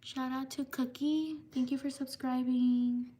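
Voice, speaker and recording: A woman hosting a livestream, reading viewers' names for shout-outs in a slow, repetitive way. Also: high-pitched, steady tone. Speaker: livestream host.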